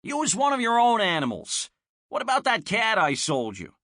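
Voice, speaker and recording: A man's voice: sits high, huge pitch swings, moderate pace, no room sound, studio quality, voice pushed up, full character voice. A man voicing an exasperated, harried male pet shop owner in a storybook reading. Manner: exasperated, shouting.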